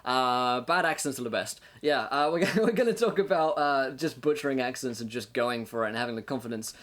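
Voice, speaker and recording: A man's voice: medium pitch, fairly quick, a bit bright. Male game master hosting a live stream, mid-range voice, chatty and upbeat, laughs between points and leans on fillers. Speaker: game master and show host. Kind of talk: casual livestream monologue with tips for game masters.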